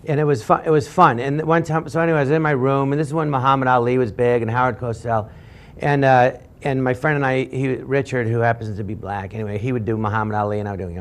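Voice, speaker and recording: A man telling a comic anecdote as a guest on a game show, rambling and halting with frequent restarts. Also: medium pitch. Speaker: guest comedian.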